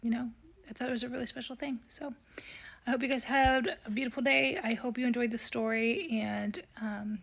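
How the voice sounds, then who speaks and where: A woman, a psychic medium, telling a personal story in a vlog, earnest and tearful, often dropping to a soft whisper. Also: a little high, fairly even intonation, a little fast, vocal fry, slightly rough.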